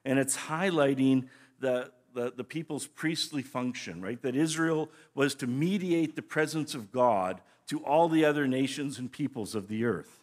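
A man's voice: medium pitch, normal speed. A man teaching scripture as a pastor in a conversational, explanatory way, often restarting his phrases. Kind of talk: sermon teaching.

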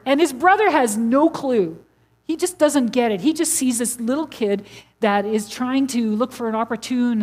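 A middle-aged woman preaching a sermon in a conversational storytelling way, acting out quoted lines with lively jumps in her voice. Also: fairly high pitch.

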